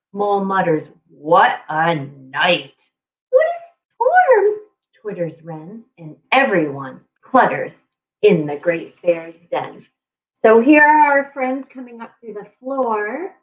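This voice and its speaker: Animated woman reading a picture book. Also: on the high side, lo-fi sound. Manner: animated, playful, talks to young kids. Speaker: children's librarian.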